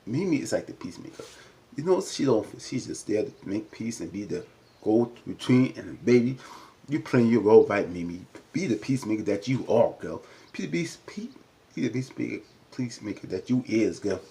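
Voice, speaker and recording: A man talking through a reality show episode in casual recap commentary, with a fairly low voice. His tone is mellow and warm rather than bright. He chats loosely with lots of fillers and keeps jumping up in pitch to act out the cast's lines. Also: lively intonation, normal speed. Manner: chatty, many "you know" fillers, jumps up in pitch to act out quotes.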